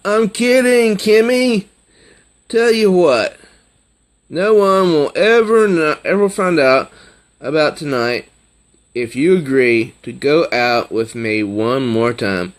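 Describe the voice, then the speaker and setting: A man reading out the lines of a wisecracking teenage boy from a comic, slow and drawling. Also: mid-range voice, fairly even intonation, lightly acted. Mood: playful. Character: teenage boy, joking and teasing.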